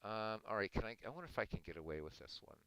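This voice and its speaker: A man hosting a livestream, chatting casually with viewers in a relaxed, rambling way. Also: on the low side, rapid-fire, smooth, dry recording, low-quality recording. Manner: relaxed, rambling, chuckling asides. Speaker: livestream host.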